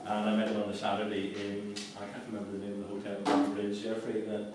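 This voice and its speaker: A guest speaker with a fairly low, monotone voice talks at a quick pace amid heavy background noise, recorded from afar in a reverberant lecture hall. He delivers an anecdotal public talk, telling stories in a wry, conversational, self-mocking way.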